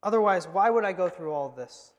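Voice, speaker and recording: A man preaching a sermon as the pastor of his church, emphatic and moving from loud to hushed. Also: high voice, animated, a little fast, highs cut off, a little hiss or hum. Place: church sanctuary. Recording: long hall reverb.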